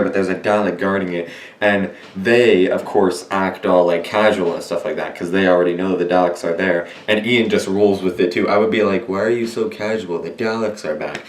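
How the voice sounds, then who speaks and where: A young man giving a casual, rambling review monologue, often correcting himself and filling pauses as he talks. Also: deep voice. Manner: rambling, self-correcting, many fillers. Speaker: video reviewer. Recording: roomy echo.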